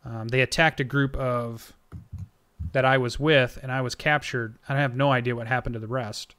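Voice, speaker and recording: A shaken little gnome woodsman, nervous and stuttering, with an ordinary middle pitch under the fright, as a game master puts him on. He talks in halting bursts, as if still catching his breath after captivity. The voice is plain, not flashy. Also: fairly even intonation, a bit bright, smooth, lightly acted. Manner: stammering, anxious. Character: small male gnome forester, frightened and shaken.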